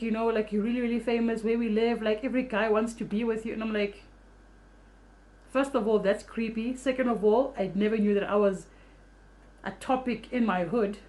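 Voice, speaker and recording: Young woman vlogger, rapid animated storytelling, salty language, casual. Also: mid-range voice. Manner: fast, animated storytelling, swears freely.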